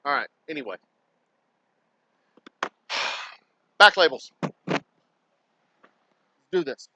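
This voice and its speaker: A man's voice: a little high, sing-song, drawn-out words, bright, forceful tone, a little hiss or hum, poor audio. A man livestreaming casual chatter while he works, rambling and swearing freely. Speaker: distillery owner livestreaming. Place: indoors at a distillery workspace.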